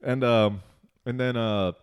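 Young man, casual chat, swearing a lot, rambling storyteller, mid-pitched voice. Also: slow, smooth. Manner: animated, profane storytelling, heavy use of "like".

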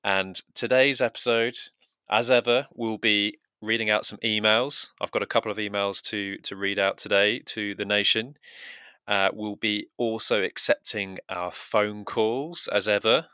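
Man, comedy podcast host, brisk, bright tone, lowish pitch. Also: steady tone, smooth, no echo.

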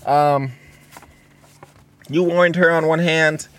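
A man's voice: a little high, steady tone, slow, clean tone. A young man hosting a solo podcast, talking bluntly and profanely and rambling with lots of fillers. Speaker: podcast host.

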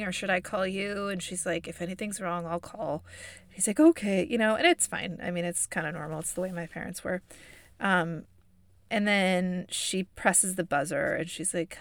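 Chatty woman doing a fake midwestern accent, bit of vocal fry, dry close sound. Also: lowish voice, no room sound. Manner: expressive, chatty, laughs often. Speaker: podcast host reviewing a movie. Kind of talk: casual chat.

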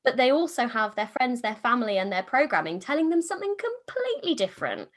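A woman hosting a podcast, upbeat and chatty, talking quickly and enthusiastically in a casual conversation. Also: fairly high pitch, sing-song. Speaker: podcast host. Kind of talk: casual chat.

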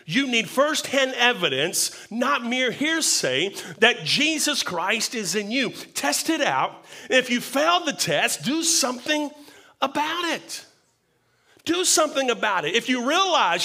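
Bright, high-voiced man preaching slowly. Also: big pitch swings, creaky. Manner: earnest preaching, repeats words for emphasis. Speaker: pastor. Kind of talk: sermon.

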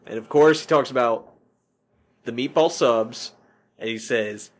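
A male podcast host talking about films in a casual, rambling way, restarting and correcting himself as he goes. His voice sits at a middling pitch, with faint noise behind him. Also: measured pace. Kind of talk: casual movie podcast chat.

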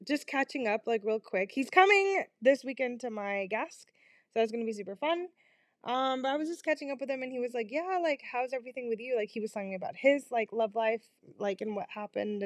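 A woman's voice: on the high side, no room sound, clean studio sound. A young woman hosting her own podcast, recorded in her bedroom on a small microphone, rambling in a casual, self-deprecating way, with fillers and swearing. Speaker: podcast host. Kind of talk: casual confessional chat. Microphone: small home microphone.

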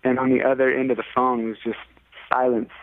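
Speaking a little fast with a mid-range, level voice, this Californian musician guest rambles casually through a story packed with fillers, raising his voice to act out quoted people. It's a dry, tinny, phone-like recording without echo.

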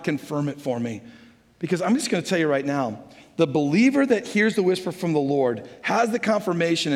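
A middle-aged man preaching a sermon to his church, telling a personal story in a conversational way and leading into prayer. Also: a little high. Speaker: pastor. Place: large church sanctuary. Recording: reverberant church hall.

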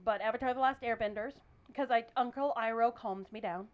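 A woman chatting casually in a group podcast, excitable and rambling, full of fillers. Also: a little high, brisk, muffled recording, crowd noise. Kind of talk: casual chat.

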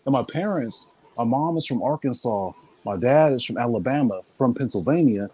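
A man from California, a guest in a casual conversation, telling lively stories and repeating phrases as he goes. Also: medium pitch, moderate pace, husky, rough recording. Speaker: interview guest.

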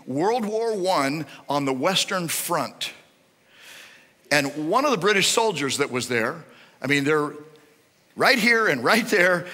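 A male pastor preaching a sermon with animated, rising and falling emphasis. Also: on the high side. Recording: reverberant hall.

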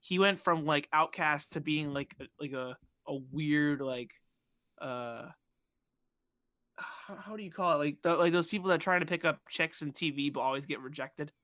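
Animated man telling a story. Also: moderate pace, no echo. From Bosnia. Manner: animated, acts out quoted voices in high squeals. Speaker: podcast host. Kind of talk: casual storytelling chat.

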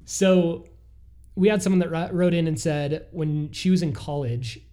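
A man co-hosting a podcast, telling a listener's story in a casual, animated way with frequent laughs. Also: fairly high pitch. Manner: animated, laughs often, quick asides. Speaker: podcast co-host.

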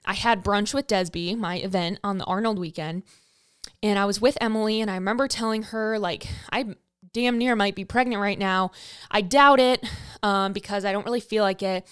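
Young woman podcast host, candid profane storyteller, smooth clear voice, dry close sound. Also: mid-range voice, fairly quick, dry recording. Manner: frank and profane, animated retelling with acted quotes.

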